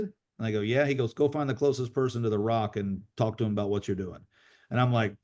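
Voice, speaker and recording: A man's voice: fairly low pitch, steady tone, a little fast, warm tone. A man hosting a team video call, telling motivational stories in a casual way, often restarting and repeating his words.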